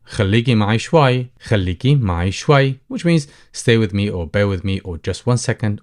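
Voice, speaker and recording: A man teaching a language lesson, repeating each phrase slowly and deliberately. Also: deep voice, vocal fry, a little mellow. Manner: slow, deliberate repetition of phrases.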